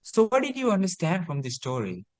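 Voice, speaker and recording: A Buddhist monk tells a teaching story during a sermon, speaking slowly and repetitively with hesitant restarts. His voice is high-pitched and swings hugely in pitch.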